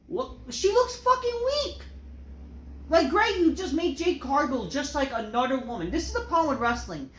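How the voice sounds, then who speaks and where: A woman ranting through a wrestling show review, exasperated and full of swearing. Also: on the high side. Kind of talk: solo review rant. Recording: roomy echo.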